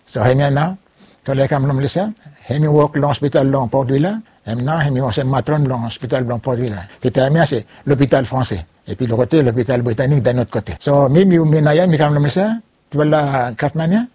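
A man with a Ni-Vanuatu Bislama accent recounting his life story in an interview, halting and slipping between Bislama, English and French. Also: mid-range voice, mellow, slightly rough, no room sound.

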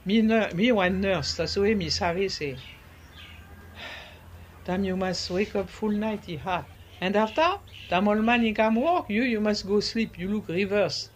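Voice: medium pitch, a little slow, a little hiss or hum. A nurse with a Ni-Vanuatu accent giving casual health advice and slipping French words into the talk.

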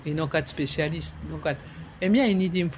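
A man talks in a casual interview, slipping in French words and pausing to find the right ones. His voice sits high, and a faint noise hums behind him. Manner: searching for words, many fillers. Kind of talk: casual conversation.

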